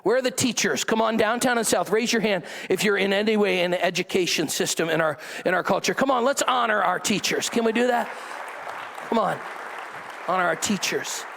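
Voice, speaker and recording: A man's voice: sits high, a little fast, creaky, a bit bright, big-room sound. A middle-aged man preaching a sermon to a church congregation, with a chatty style full of asides that calls on the crowd to answer. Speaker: pastor. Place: church service before a congregation.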